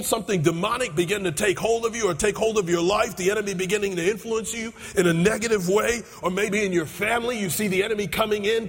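A man preaching a sermon as pastor, repeating his phrases and building up to shouts. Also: high-pitched, husky. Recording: echoey hall with long reverb.

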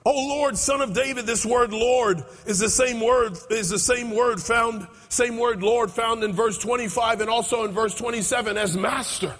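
A man preaching a sermon as pastor, repeating his phrases and building up to shouts. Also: very high voice, steady tone, moderate pace, few pauses. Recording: echoey hall with long reverb.

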